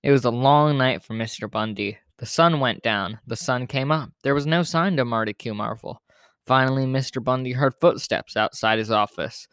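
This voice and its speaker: A man reads a children's picture book aloud for his podcast, relaxed and informal, now and then correcting himself. His voice sits in a middle register. The sound is dry and close to the mic. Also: mid-range voice, normal speed, clear, resonant tone, no echo. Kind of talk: storybook read-aloud narration.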